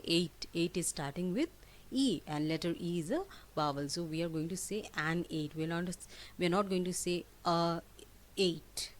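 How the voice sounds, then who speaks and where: A woman teacher giving a lesson, asking questions and answering them herself, spelling words out and repeating key words. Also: lowish voice. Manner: asks questions and answers them herself, emphatic rising prompts. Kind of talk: classroom lesson for children.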